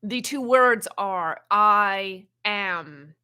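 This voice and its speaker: A woman channeling an ancient wise spirit in a spiritual teaching talk, speaking slowly and haltingly and often repeating words. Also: mid-range voice, bright, forceful tone, smooth. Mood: calm teaching. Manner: slow, halting, repeats words while searching.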